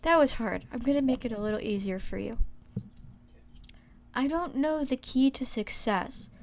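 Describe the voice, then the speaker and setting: A young woman with a fairly high voice co-hosts a comedy podcast. She plays a mock game-show quizmaster, dry and teasing. Her tone is deadpan and playful. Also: moderate pace. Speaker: podcast co-host running a quote quiz.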